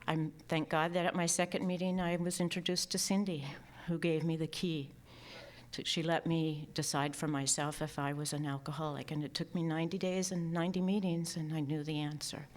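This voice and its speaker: A low-voiced woman gives a heartfelt remembrance at a memorial. She speaks softly and with emotion, often sinking to a near whisper. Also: level tone, a little fast. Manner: soft and emotional, partly whispered. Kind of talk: personal remembrance speech.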